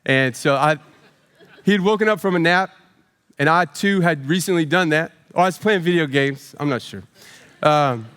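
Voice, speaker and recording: A man in his forties, a pastor preaching a storytelling sermon with self-deprecating humor and animated voices for quotes. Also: fairly high pitch, normal speed, clean tone, long reverb tail. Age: 40s.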